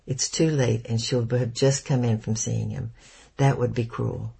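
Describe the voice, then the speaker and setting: An earnest young man, read by a man in an audiobook, explaining hard news in a hesitant, cautious way. The voice is creaky and husky, with a mellow tone. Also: medium pitch, fairly even intonation, unhurried, full character voice. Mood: uneasy.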